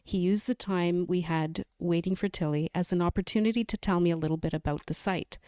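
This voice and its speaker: A woman guest on a podcast, reading chapters of a novel aloud in a careful, measured way. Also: lowish voice, darkish tone, smooth, no room sound, clean studio sound.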